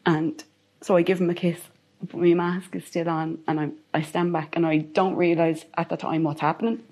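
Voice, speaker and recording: A woman's voice: lowish voice, level tone, normal speed, a little mellow. A woman with an Irish accent, a guest telling a personal story in an interview, repeating phrases for emphasis.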